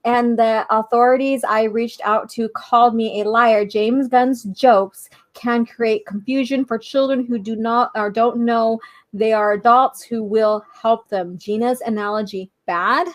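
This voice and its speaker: A woman's voice: on the high side, steady tone, a little slow. A woman co-hosting a live-stream podcast over a video call, chatting and reading out viewer messages with gushing asides. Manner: chatty, gushing, with frequent fillers. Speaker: podcast co-host.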